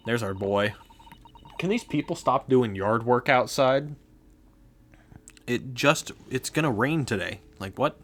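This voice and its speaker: A man's voice: mid-range voice, expressive, a little slow, pauses often, fairly bright tone. A young man giving casual, chatty commentary while playing a video game, with laid-back asides. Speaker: let's play gamer.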